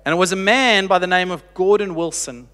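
A man preaching a sermon, telling a story earnestly with slow, emphatic pauses and dropping quiet for quoted lines. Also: high-pitched. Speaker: pastor. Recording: long reverb of a large hall.

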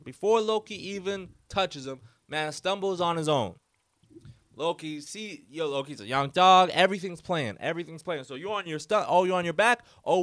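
A man's voice: sits high, no echo, studio quality. Man telling stories on a solo podcast. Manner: animated, loose storytelling full of fillers and quoted voices. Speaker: podcast host. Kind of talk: casual solo storytelling.

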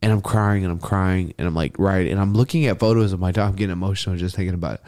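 Casual, profane young man telling a story. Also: very fast. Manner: animated, profane, mimics others in a high voice when quoting. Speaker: podcast co-host.

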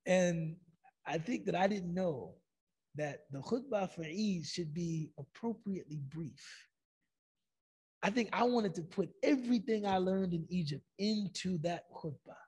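A man's voice: high voice, unhurried, pauses often, husky. A man giving an Islamic lecture, telling stories animatedly and acting out quoted lines. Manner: animated storytelling, acts out quotes.

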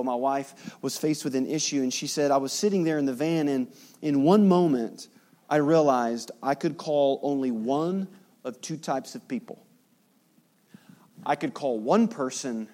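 A middle-aged pastor preaching a sermon, acting out the people he quotes. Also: normal speed. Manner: animated preaching, acting out quotes with big jumps in pitch.

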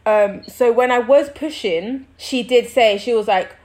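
A young woman, co-hosting a casual chat and telling a story with lively acted-out quotes and frequent laughter. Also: fairly high pitch, measured pace. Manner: animated storytelling, acts out quoted people, laughs often. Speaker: podcast co-host.

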